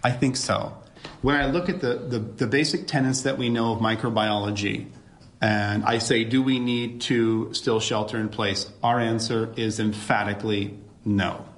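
A man's voice: fairly low pitch, steady tone, normal speed. Emphatic middle-aged man, echoey room. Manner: emphatic, rhetorical questions. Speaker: ER doctor.

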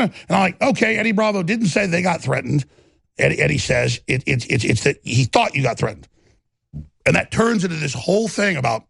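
A man with a heavily gravelly, husky voice delivers a combative on-air rant as host of his own show. His pitch swings widely and he trips over repeated words as he drives his points home. The sound is dry and close, with no room in it. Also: big pitch swings, a little fast, fairly bright tone, dry recording.

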